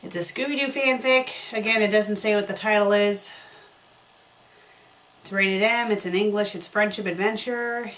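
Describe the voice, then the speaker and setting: A woman's voice: medium pitch, steady tone, normal speed, fairly bright tone, poor audio. A woman reviewing fanfiction, reading it aloud with sarcastic, exasperated acting. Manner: exasperated, sarcastic, acts out lines. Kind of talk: comedic dramatic reading.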